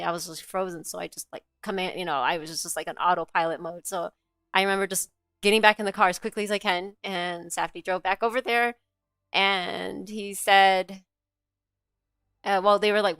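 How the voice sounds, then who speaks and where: A woman's voice: fairly low pitch, fairly bright tone, no echo. A middle-aged woman co-hosting a show, telling a personal story in a candid, rambling way, with lots of fillers and swearing. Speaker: co-host.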